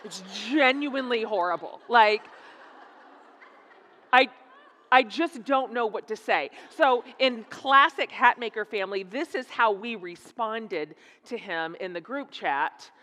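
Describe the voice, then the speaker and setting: A middle-aged woman speaking as a guest speaker in a church, telling a humorous story in an animated, laughing, self-mocking way. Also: on the high side, slow. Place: church sanctuary. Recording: echoey hall.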